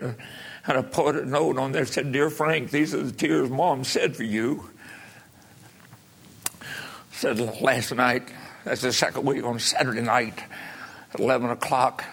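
A man preaching a revival sermon, impassioned, swinging from low pleading to shouted peaks. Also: vocal fry, slightly rough.

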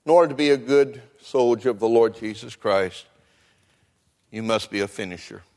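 An older man preaching a sermon, swinging between quiet talk and shouting. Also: mid-range voice, moderate pace. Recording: long echo of a large hall.

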